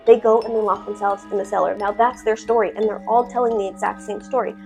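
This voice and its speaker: A woman telling a horror story casually, animated and full of swearing and fillers. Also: medium pitch, fast talker, creaky, over music. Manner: profane, animated, filler-heavy.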